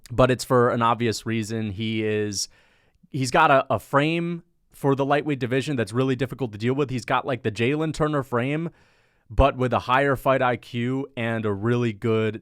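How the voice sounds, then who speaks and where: A man's voice: medium pitch, clear, resonant tone, no echo, clean studio sound. A man hosting his own channel, casually ranking fighters, thinking aloud, changing his mind mid-sentence and swearing now and then. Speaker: MMA commentator and channel host.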